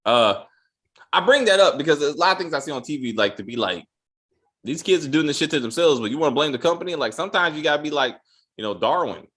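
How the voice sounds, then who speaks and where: A man's voice: on the high side, expressive, fast, a bit bright. A man co-hosting a casual chat, swearing freely and often repeating his words as he goes. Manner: loose and profane, stammers and repeats words. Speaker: podcast co-host.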